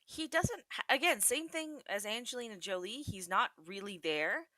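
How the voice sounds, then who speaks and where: A woman's voice: fairly high pitch, lively intonation, normal speed, pushed and bright, no room sound. A woman guesting on a movie podcast, chatting expressively and laughing often. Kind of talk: casual movie discussion.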